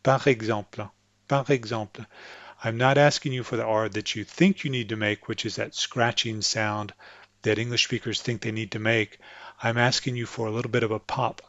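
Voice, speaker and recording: A man's voice: on the low side, fairly even intonation, a bit bright, no room sound, lo-fi sound. Patient man teaching French pronunciation. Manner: patient, demonstrates sounds by repeating words slowly. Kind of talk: instructional explanation with spoken examples.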